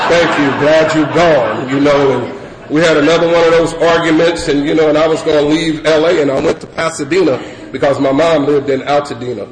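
A middle-aged man from California telling a rambling, laughing personal story to a crowd, full of fillers. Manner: loose rambling storyteller, many fillers, breaks into high laughing voice. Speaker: speaker sharing recovery story. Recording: echoey room with crowd noise.

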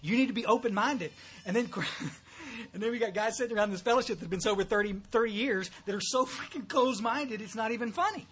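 A man's voice: high-pitched, quick pace, fairly bright tone, husky. A man with a thick Texas accent giving a blunt, folksy, joking talk at a recovery meeting.

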